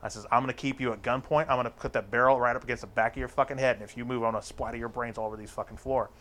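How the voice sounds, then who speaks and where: A man spins a crude story in relaxed conversation, cursing freely. He slips into quick voiced quotes of the people in it. His pitch sits in an ordinary middle range. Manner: crude, profane, acts out other people's lines. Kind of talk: casual storytelling chat.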